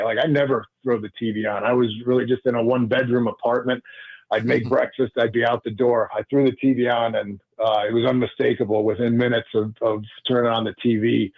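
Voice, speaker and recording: A man, a former pro football player, telling his story as a radio guest, earnest and halting with many restarts. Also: mid-range voice, level tone, no room sound. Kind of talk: casual radio interview storytelling. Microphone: phone call. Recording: tinny dry phone line.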